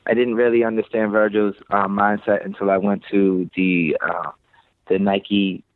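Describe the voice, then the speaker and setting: A man's voice: lowish voice, level tone, a little slow, no echo. Laid-back Boston man on a tinny line. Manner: loose, rambling, swears casually. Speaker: podcast guest, creative director. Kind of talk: casual podcast chat. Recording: tinny phone-like, dry sound.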